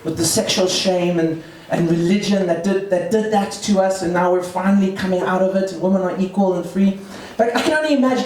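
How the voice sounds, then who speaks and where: A man's voice: high-pitched, darkish tone, slight background noise. A man in his thirties with a South African accent, performing a rambling stand-up comedy set full of fillers and restarts. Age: 30s. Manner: rambling, self-interrupting delivery with many fillers. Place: comedy club open mic. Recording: echoey room mic from far off with crowd laughter. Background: audience laughter.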